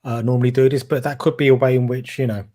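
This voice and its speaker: Cockney guy chatting about films, rambly and hesitant, middle-pitched voice. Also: level tone, quick pace, mellow. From East End of London. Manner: rambling, hesitant with many restarts. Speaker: podcast co-host. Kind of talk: casual chat.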